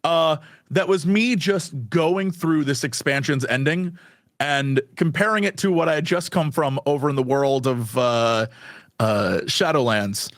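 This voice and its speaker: A man with a high speaking voice talks as a podcast guest, animated and excitable, often breaking into laughter. His voice is recorded dry and close, with almost no room sound. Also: a little slow, no room sound. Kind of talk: casual podcast chat.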